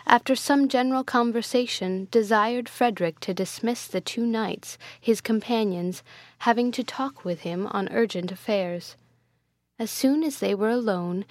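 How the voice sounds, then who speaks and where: A woman narrating a classic novel in a measured, even voice. She sits at a middle pitch. The recording is dry and close, with no room sound. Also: no room sound. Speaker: audiobook narrator.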